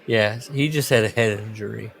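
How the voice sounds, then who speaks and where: A man's voice: on the low side, normal speed, vocal fry. A man with a Midwestern accent hosting a podcast, rambling through questions and often laughing. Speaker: podcast host. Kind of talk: casual chat.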